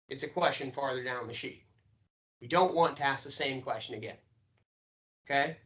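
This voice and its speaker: A sales trainer lectures a room of new hires, his voice bright and forward. He pushes his points hard and keeps checking in with "okay?" and "right?" between them. His pitch sits in an ordinary middle range for a man. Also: normal speed, long pauses, rough recording. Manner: emphatic, coaching, asks "okay?" often.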